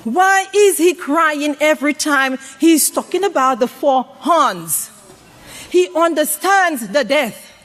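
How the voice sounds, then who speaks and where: Woman preacher with a high voice, questions the congregation, varied delivery. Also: expressive, takes it slowly, fairly bright tone. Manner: call-and-response questions to the congregation; varies pitch widely for emphasis. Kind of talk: sermon to a congregation.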